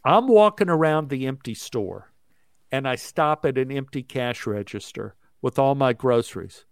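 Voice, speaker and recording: A man with a smooth, clean voice tells an anecdote at a breathless clip and acts out each line of dialogue as he goes. His voice sits in the middle of the male range. The sound is close and dry, with no room echo. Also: medium pitch, animated. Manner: rapid, breathless storytelling with acted-out quotes. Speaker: actor, guest telling a story. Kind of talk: animated anecdote telling.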